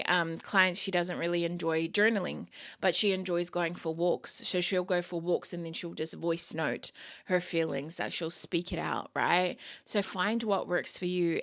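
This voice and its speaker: A woman's voice: lowish voice, creaky, fairly bright tone. A woman hosting a podcast, talking frankly in a casual motivational monologue and swearing freely. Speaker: podcast host and coach.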